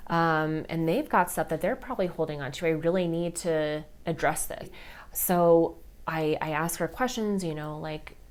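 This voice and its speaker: Woman, podcast host, low-pitched, chatty, emotional storytelling, lots of fillers. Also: moderate pace. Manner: chatty, many fillers like "like" and "you know"; open and emotional about grief. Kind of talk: personal storytelling.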